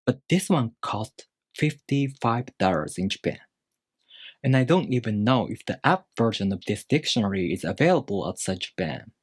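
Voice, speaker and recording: A man teaching a language lesson in a calm, methodical way, explaining step by step and saying example words aloud. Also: fairly low pitch, normal speed, slightly rough, no echo, clean studio sound. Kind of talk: instructional video lesson.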